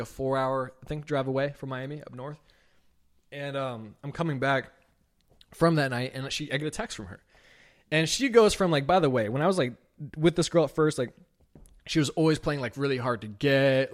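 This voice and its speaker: A young man on his own podcast, recounting a personal story unscripted and heavy with swearing. He talks loosely, leaning on "like" and acting out both sides of the conversation, at a middle pitch. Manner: casual, profane, heavy use of "like"; animated retelling with quoted dialogue. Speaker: podcast host.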